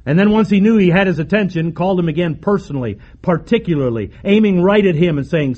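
A man preaching a sermon emphatically, with repeated phrases and dramatic pauses. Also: sits high, animated, dull audio.

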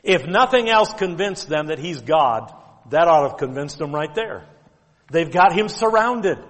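Man, pastor, earnest sermon, scripture quotes, fairly high voice, long hall reverb. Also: a bit bright. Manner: earnest preaching, numbered points, quoting scripture in old wording.

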